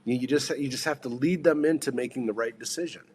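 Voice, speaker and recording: A man coaches on sales in a loose podcast conversation, his voice sitting at an ordinary middle pitch. He rambles, doubles back on his words and keeps throwing questions at whoever is listening. A faint hum of noise sits behind him. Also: fast, darkish tone.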